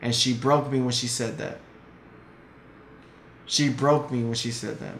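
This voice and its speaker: A man's voice: mid-range voice, steady tone, unhurried, a bit bright. Heated, blunt man in an echoey room. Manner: blunt, heated storytelling with heavy swearing. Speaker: podcast guest. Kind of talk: casual chat. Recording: echoey room, faint noise.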